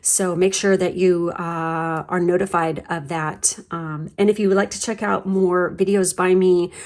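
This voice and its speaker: A woman's voice: on the low side, steady tone, unhurried, darkish tone. A woman giving a casual pick-a-card tarot reading, chatty and rambling, gushing with lots of fillers and the odd swear word. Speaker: tarot reader.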